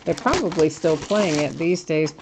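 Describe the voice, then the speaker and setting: A woman's voice: sits low, lively intonation, normal speed, noisy background. A woman hosting a live card break, chatting casually and reading out each card as she opens packs. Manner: chatty, laughs at herself, reads out card names. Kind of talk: casual live-stream commentary while opening cards.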